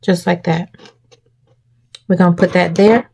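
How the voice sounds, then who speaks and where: A woman with a slightly low voice hosts a homemade craft tutorial. She explains each cut and fold step by step in a chatty, instructive way, often pausing to check in with the viewer. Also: steady tone, creaky, darkish tone, slightly rough.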